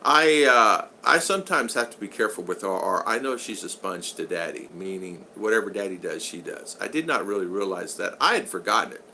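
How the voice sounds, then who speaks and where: Bright-voiced older man chatting. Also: fairly low pitch, expressive, a little fast, few pauses, a little hiss or hum. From United States. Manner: rambling anecdotal storyteller with frequent restarts. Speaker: vlogger reading live chat. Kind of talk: casual livestream chat.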